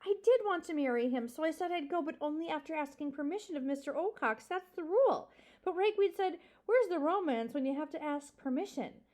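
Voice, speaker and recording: A woman's voice: high-pitched, lively intonation, brisk, a little mellow, pitched above the performer's own voice. Poppy, a timid young mouse, as a woman voices her. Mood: pleading. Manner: frightened, pleading. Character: timid young female mouse, anxious and earnest.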